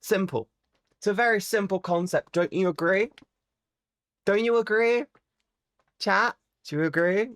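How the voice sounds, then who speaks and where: A woman live streamer chatting casually with her viewers, playful and teasing, swearing freely and jumping suddenly into high squeaky exclamations. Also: unhurried, pauses often, no room sound, studio quality.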